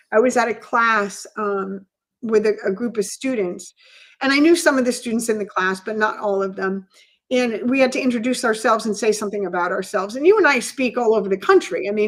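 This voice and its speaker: A middle-aged woman co-hosting a podcast, speaking in a candid, reflective way and leaning often on "you know". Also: fairly high pitch. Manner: reflective, open, with many "you know" fillers. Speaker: podcast co-host.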